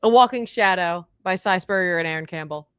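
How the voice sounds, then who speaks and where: A woman co-hosting a casual chat show, talking in an animated way with lots of fillers, her voice a little worn. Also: on the low side, brisk, clean tone, dry recording, studio quality. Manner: animated, chatty, many fillers. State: losing her voice. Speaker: co-host.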